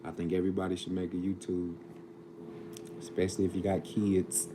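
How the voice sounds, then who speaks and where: A man's voice: sits low, completely flat delivery, brisk. A middle-aged man talking casually to viewers on a livestream, earnest and preachy, with street slang. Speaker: livestream host. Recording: noisy background.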